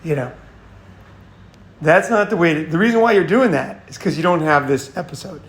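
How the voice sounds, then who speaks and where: A man's voice: fairly high pitch, expressive, moderate pace, echoey room. A man hosting a casual advice monologue, blunt and profane, often restarting and repeating himself. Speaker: host.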